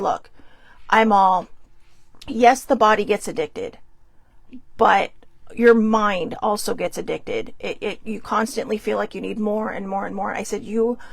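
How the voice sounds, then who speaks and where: Blunt, gravel-edged woman telling a story. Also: a little high, dry recording. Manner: blunt, profane, animated retelling with quoted voices. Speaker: podcast host. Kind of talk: casual storytelling monologue.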